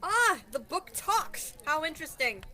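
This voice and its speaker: A woman's voice: high voice, sing-song, measured pace, bright, forceful tone, exaggerated voice. A teenage girl playing a chatty, teasing young Viking woman in a school radio play. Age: teens.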